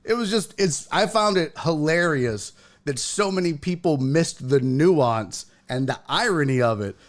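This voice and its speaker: A man's voice: fairly high pitch, lively intonation, unhurried. A man hosting a sports talk livestream, chatting casually in a rambling, profane way and laughing often. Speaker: sports show host.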